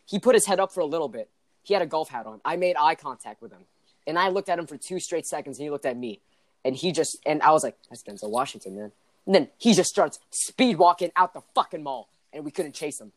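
A man's voice: on the high side, fast, no echo. A young man chatting casually with friends, telling rambling stories and swearing freely. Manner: rambling, animated storytelling, swears a lot. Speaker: podcast co-host. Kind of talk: casual chat among friends.

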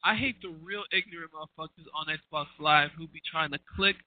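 A man co-hosting a casual chat, telling stories in an animated, profane way. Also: a little high, brisk, no echo. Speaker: co-host. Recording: tinny phone-like line.

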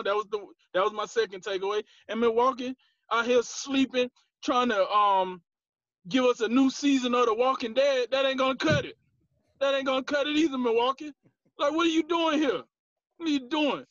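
A man's voice: very high-pitched, a bit bright, no echo, highs cut off. A man co-hosting a sports podcast, trash-talking teams in a playful, slangy way. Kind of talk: joking sports chat.

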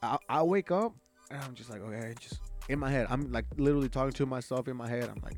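A young man co-hosting a casual podcast chat, animated and swearing freely, often mimicking other people in high voices. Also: fast, soft background music. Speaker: podcast co-host.

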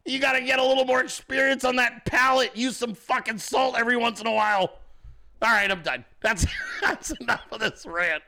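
High, gravelly profane ranting man. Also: brisk, pushed and bright. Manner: profane, mocking, heckling. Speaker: podcast host. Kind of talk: casual profane rant.

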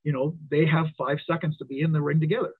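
A middle-aged wrestling referee telling stories in a casual interview, animated when he quotes others. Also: on the high side, fast talker, slightly rough, no echo. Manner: storytelling, animated quoting. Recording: tinny phone-like line.

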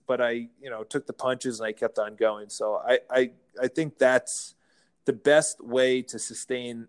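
Man, real estate broker, casual interview guest, animated storytelling, mid-range voice. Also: mid-range voice, clear, resonant tone. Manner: animated, acts out quotes, laughs while telling stories.

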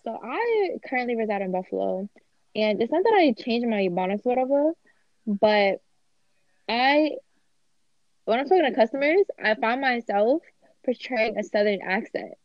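A young woman, talking fast and slangy in casual chat as a podcast co-host. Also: fairly high pitch, expressive, dry recording, lo-fi sound.

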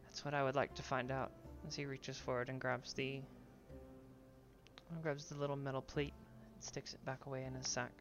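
A woman voicing a guarded, secretive man met in a tavern, speaking in a measured, deliberate way. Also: extremely low pitch, level tone, highs cut off, faint music behind.

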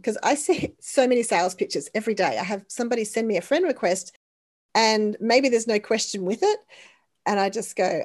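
A woman hosting a relaxed interview, chatty, laughing often and talking with lots of fillers. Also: a little high, fairly quick. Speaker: interview host. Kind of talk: casual video-call conversation.

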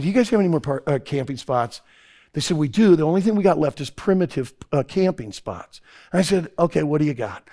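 Brief: middle-aged camp preacher, high lively voice with gravel, folksy storyteller. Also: male voice. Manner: folksy storyteller, swings from hushed to shouting. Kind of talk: sermon story to youth.

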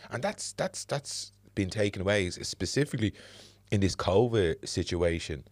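Very deep-voiced Dublin man, podcast host. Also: animated, moderate pace, no room sound. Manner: reflective, earnest, frequent fillers. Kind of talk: casual podcast conversation.

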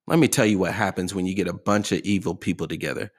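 A fast-talking man with a low voice hosts a motivational podcast. He's emphatic, directing rhetorical questions at his listeners.

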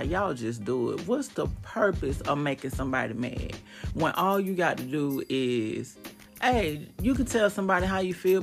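Podcast host, woman, gravelly, casual and emphatic monologue. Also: low-pitched. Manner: chatty and emphatic, with animated bursts.

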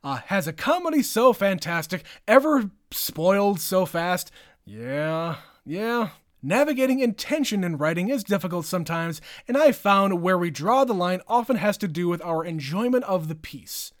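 A man in his thirties co-hosting a podcast, reading listener emails in a joking, playful, drawn-out manner. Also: high voice, big pitch swings, dry recording, clean studio sound. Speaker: podcast co-host.

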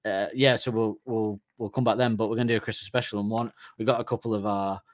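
A man's voice: fairly low pitch, steady tone, fast, no room sound. A man co-hosting a podcast in casual chat, rambling and correcting himself, laughing at his own jokes. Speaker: podcast co-host.

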